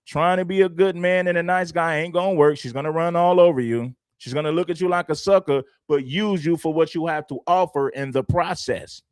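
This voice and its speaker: A man's voice: on the high side, a little fast, few pauses, clear, resonant tone, dry recording, clean studio sound. A man hosting a livestream, giving blunt, preachy opinions and repeating phrases for emphasis. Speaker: livestream host.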